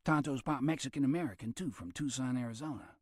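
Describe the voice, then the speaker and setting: A male narrator voicing a grinning, smooth-talking man who arranges things, in a lifted, breezy voice. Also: medium pitch, quick pace, a little mellow, no room sound, clean studio sound, close to an everyday voice.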